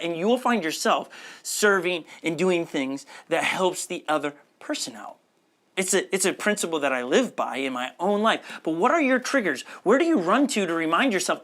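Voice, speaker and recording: A middle-aged man preaching a sermon as pastor, conversational, with jokes and quick asides. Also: high voice, animated, a bit bright.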